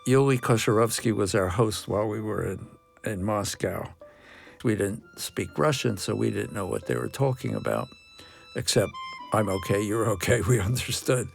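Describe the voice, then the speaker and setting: Older male guest, gravelly, animated storyteller, faint music underneath. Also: lowish voice, normal speed. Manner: animated anecdotes, acts out shouted quotes. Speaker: interview guest, photographer. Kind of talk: storytelling in an interview.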